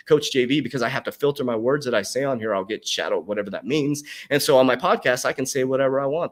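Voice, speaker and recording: A middle-aged man coaching on crypto and mindset in a motivational vlog rant, profane and fired up, swinging from loud outbursts to hushed asides. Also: medium pitch.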